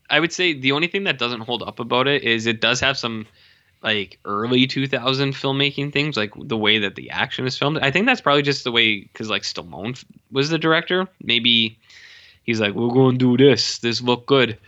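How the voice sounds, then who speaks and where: A podcast co-host chats casually about a movie, animated and profane, slipping into goofy voices to act out the characters' lines. He speaks at medium pitch and moderate pace with a bright, forceful voice, though the recording sounds dull and lo-fi.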